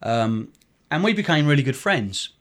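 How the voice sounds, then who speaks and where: A middle-aged man speaks in an interview with a voice of ordinary, middling pitch. He is a charity director telling a story in a loose, rambling way. His talk is full of ums and restarts. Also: very animated, moderate pace. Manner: rambling with many fillers and restarts. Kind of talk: conversational storytelling.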